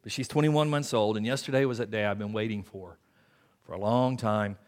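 An older man preaching a sermon in a church, talking in a conversational way and dropping to quiet asides. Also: fairly low pitch, brisk. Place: church sanctuary. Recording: long hall reverb in a church.

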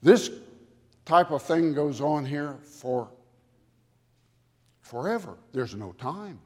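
A man preaching a sermon to a congregation with dramatic emphasis, building to loud peaks on key words. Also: fairly high pitch, sing-song. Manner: dramatic, slow emphatic delivery with swelling loudness. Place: church sanctuary. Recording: long hall reverb from a church. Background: congregation audience.

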